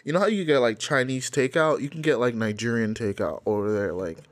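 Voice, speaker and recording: A man's voice: medium pitch, brisk. A young man co-hosting a casual chat about music videos, explaining things in a loose, profane, laughing way. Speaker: podcast co-host.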